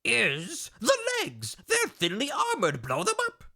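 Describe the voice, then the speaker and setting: A man voicing a fussy elderly male scientist in a high, wavering old-man voice. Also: wildly swooping pitch, measured pace, vocal fry, bright, forceful tone, slightly rough, heavily acted.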